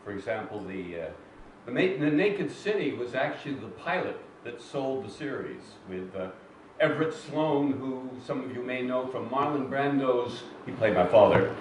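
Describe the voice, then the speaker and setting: A man's voice: mid-range voice, expressive, moderate pace. An older man, an actor being interviewed on stage, telling anecdotes to a live audience in a chatty, self-deprecating way with fillers and restarts. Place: cinema hall with live audience. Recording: roomy hall, distant mic, faint noise.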